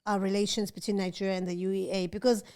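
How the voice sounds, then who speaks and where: A woman co-hosting a casual chat podcast, animated and chatty, laughing often and mimicking others. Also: mid-range voice, fast. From South Africa. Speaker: podcast co-host.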